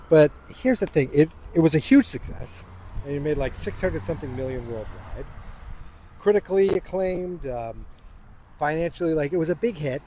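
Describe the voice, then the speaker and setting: A man records his casual podcast outdoors while walking his dog, holding a tiny microphone in his hand. His voice sits a little high and he rambles in a self-deprecating way, at times slipping into a playful vampire voice. Faint traffic hums in the background. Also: animated, moderate pace, darkish tone. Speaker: podcast host. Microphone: tiny handheld microphone.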